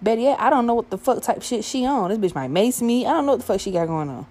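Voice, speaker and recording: A young adult woman telling a profane, animated story about a night out, acting out the dialogue as she goes. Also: on the high side, quick pace. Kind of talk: casual storytime monologue.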